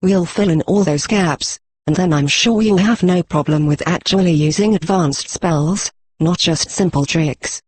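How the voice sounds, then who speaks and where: Brief: condescending know-it-all pony mare, slow and patient, read by a husky synthetic male voice. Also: lowish voice, darkish tone, no room sound. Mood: patronizing. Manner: speaks slowly, as to a child. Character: earnest female unicorn pony, patronizing scholar. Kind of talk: synthetic fanfic reading.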